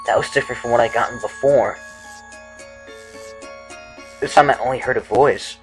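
A man reading a video game's dialogue aloud, voicing lines expressively, often dropping into hushed musings. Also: mid-range voice, normal speed, soft background music. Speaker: game commentator. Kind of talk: dramatic reading of game dialogue.

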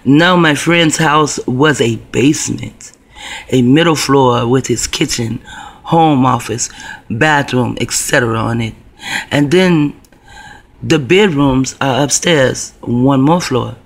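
A man's voice: mid-range voice, slow, vocal fry. A man telling a personal story to camera in a rambling, profane, conspiratorial way. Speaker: video blogger.

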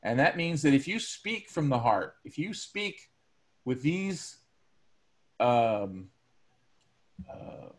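A male teacher delivers a recorded lecture to his students in a conversational way, using everyday examples and frequent ums and uhs. His voice is medium in pitch.

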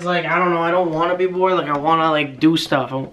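A man's voice: fairly high pitch, fairly even intonation, quick pace, muffled recording, noisy background. A teenage guy vlogging in a rambling, joking, self-mocking way, filmed on a handheld camera. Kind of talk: casual vlog.

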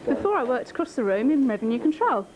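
A woman's voice: sits high, very animated, fast, a little mellow, lo-fi sound, slight background noise. Giggly woman telling a joke. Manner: giggly, self-mocking. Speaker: office worker. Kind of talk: casual joke-telling to camera. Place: office room. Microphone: camcorder mic.

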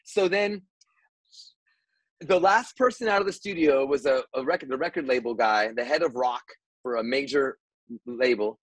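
Brief: mid-pitched male radio host, animated storyteller, swears, dry studio sound. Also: moderate pace, long pauses, dry recording, low-quality recording. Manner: animated, swearing, lots of restarts and fillers. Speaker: radio host and program director, as guest. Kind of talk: casual storytelling in a podcast interview.

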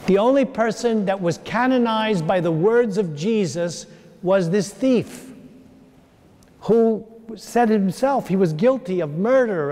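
A man, a priest, delivering a sermon in a slow, earnest way with long pauses. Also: high voice, darkish tone. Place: large church. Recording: long church reverb.

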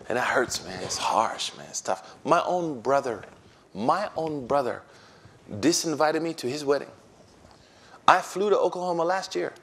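An imam giving a relaxed talk to a crowd, his voice sitting at an ordinary middle pitch. He tells his stories with lots of slang and lively energy, and he acts out what other people said as he goes. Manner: animated storytelling with slang and acted-out quotes. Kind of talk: informal religious talk to an audience.

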